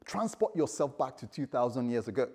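A man's voice: medium pitch, very animated, fairly quick, a little mellow, slightly rough. A male preacher giving a sermon, telling stories animatedly and acting out the voices of the people in them.

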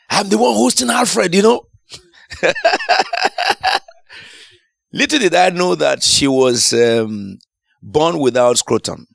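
Male preacher, animated storyteller, gravelly voice, dry close sound. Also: mid-range voice, no echo. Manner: animated storytelling, shouts and laughs at climaxes. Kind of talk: sermon testimony.

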